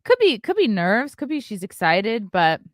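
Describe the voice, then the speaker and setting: In a room at home with colored lights, a comedian who hosts an online show chats through a clip, musing aloud with plenty of filler words. She speaks at a moderate pace in a sing-song, medium-pitched voice. The sound is studio-clean with no echo.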